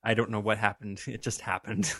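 A man's voice: on the low side, moderate pace, bright, forceful tone, no echo. Young guy podcast cohost, giggly, rambles, dry close sound. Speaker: podcast co-host. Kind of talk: casual chat.

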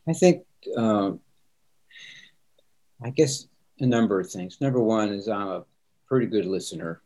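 A man's voice: lowish voice, unhurried, mellow. A middle-aged man, a pastor, speaking earnestly and reflectively in a conversation, often repeating words as he starts sentences. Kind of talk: conversational interview answers.

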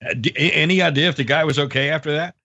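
A man co-hosting a podcast in casual chat, reacting with amazement and asking halting questions. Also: fairly high pitch, pushed and bright, dry recording. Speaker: podcast co-host. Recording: dry, dull lo-fi sound.

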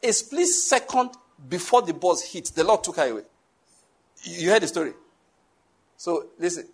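A male pastor preaching a sermon, lively and joking, with frequent laughter and asides to the congregation. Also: sits high, moderate pace, husky.

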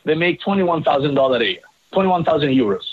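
Husky man telling a story. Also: fairly high pitch, fast, phone-quality sound. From Italy. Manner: animated, swearing, frequent restarts. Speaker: guest. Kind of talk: storytelling in a podcast interview.

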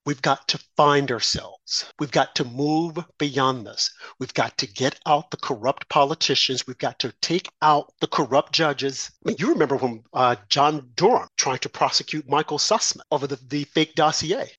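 A man's voice: fairly high pitch, moderate pace, hardly any pauses, fairly bright tone, slightly rough, dry recording. A man hosting a political talk show, delivering an impassioned commentary monologue full of rhetorical questions and mocking asides.

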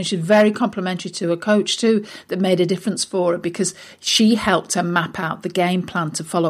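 Chatty woman giving business advice. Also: medium pitch. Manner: chatty, informal, with frequent fillers and restarts. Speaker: business coach for recruitment firms. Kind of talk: casual motivational talk.

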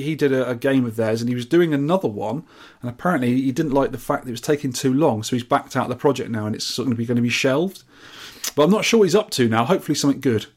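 A man's voice: mid-range voice, darkish tone, husky. Chatty male podcast co-host. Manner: chatty, rambling, jokey. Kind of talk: casual chat, reading out event news.

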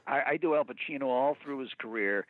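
A man, a voice actor, chatting as an interview guest, animated and quick to slip into impressions, heard over a phone call. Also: mid-range voice, dry recording. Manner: animated storyteller, slips into impressions. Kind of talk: casual interview chat. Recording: thin phone-line sound.

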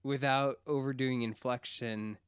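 A man's voice: medium pitch, steady tone, unhurried, clear, resonant tone, no echo. A young man co-hosting a casual TV recap chat, rambling and enthusiastic with frequent fillers. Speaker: podcast co-host.

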